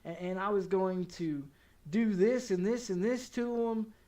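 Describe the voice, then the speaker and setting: A man's voice: high-pitched, a little slow, dark tone, distant mic. A male game streamer casually telling a story, swearing a lot and stammering over repeated words. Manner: profane, heated, stammering repetitions.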